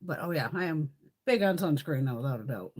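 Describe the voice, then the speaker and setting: Middle-aged woman, lively swinging pitch, casual livestream chat, swears a lot. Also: a little fast. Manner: animated, swears freely, chats with live viewers. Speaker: beauty livestream host.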